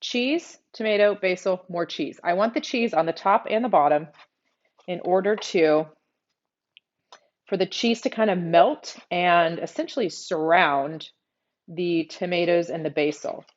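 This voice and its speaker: A woman's voice: lowish voice, unhurried, highs cut off. A middle-aged woman with a Texas accent hosting a live cooking demonstration from her home kitchen, chatting casually and thinking aloud as she works. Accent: Texan. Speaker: cooking show host.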